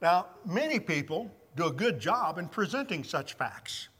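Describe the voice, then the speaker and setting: A man preaching a sermon, teaching from scripture in a measured, emphatic way. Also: high-pitched, sing-song, a bit bright, slightly rough, in a large hall.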